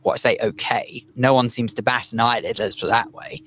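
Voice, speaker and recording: Chatty middle-aged radio co-host. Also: male voice, medium pitch, fairly even intonation, a little fast, a bit bright, slight background noise. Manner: chatty, reads messages aloud and muses. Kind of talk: casual radio chat, reading listener messages. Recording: radio studio.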